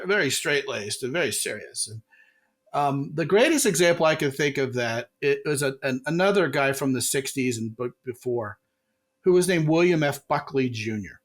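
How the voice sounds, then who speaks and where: A middle-aged man hosting a podcast as a comedy coach, telling stories in a lively way and jumping his pitch for quoted voices. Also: moderate pace. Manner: animated storyteller, jumps pitch for quoted voices. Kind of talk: casual podcast chat.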